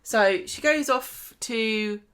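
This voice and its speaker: A woman's voice: a little high, takes it slowly, over a noisy crowd. A woman co-hosting a casual podcast, retelling soap scenes and acting out the characters' lines. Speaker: podcast co-host. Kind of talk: casual chat recapping a soap.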